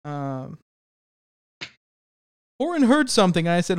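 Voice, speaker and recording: A man with a smooth, clear voice sitting a little above the usual male pitch. He riffs through a casual comedic podcast chat, stacking joke on joke and breaking into laughs. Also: animated. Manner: riffing, quick jokes, frequent laughs. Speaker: podcast co-host.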